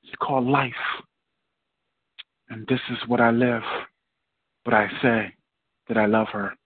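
A man's voice: mid-range voice, steady tone, a little slow, slightly rough, no room sound. A man performing an impassioned spoken word poem after some hesitant small talk. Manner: hesitant, soft-spoken chat before reading; dramatic, rising, impassioned recitation. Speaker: guest poet. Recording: tinny phone line.

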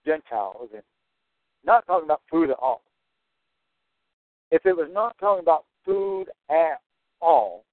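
A man with a slightly high voice teaches through a Bible passage verse by verse, stressing and repeating his key points. The recording is dry, with a tinny, phone-like sound.

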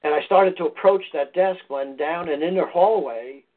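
Husky man telling a story over the phone. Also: a little high, normal speed. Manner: conversational, meandering storyteller. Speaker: podcast guest, foundation founder. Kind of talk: casual anecdotal storytelling. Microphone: phone or call line. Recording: tinny phone-line audio.

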